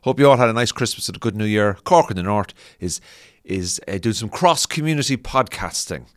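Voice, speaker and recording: Man from southern Ireland, guest podcaster, dry teasing humour, lowish voice, dead-dry sound. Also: animated, a little fast, dry recording. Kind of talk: casual chat.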